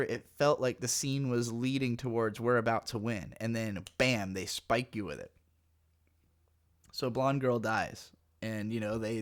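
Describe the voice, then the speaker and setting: A male anime reviewer talking casually through an episode. His mid-pitched voice jumps up sharply when he gets worked up, and he swears freely and tells the plot in an excitable rush. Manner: animated, profane, excitable storytelling. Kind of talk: casual commentary.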